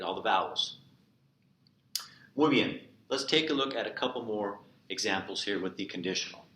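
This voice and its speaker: A man teaching a recorded remote Spanish lesson, explaining verb endings and repeating each example slowly. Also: on the low side, a bit bright. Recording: echoey room with faint noise.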